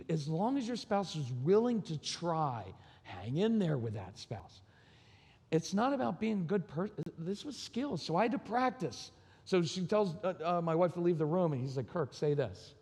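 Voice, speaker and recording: A man's voice: a little high, darkish tone. A man in his forties giving a talk at a conference, telling personal stories and acting out both sides of conversations. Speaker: conference speaker. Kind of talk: personal storytelling talk to a live audience. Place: large hall. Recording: live recording in a reverberant hall.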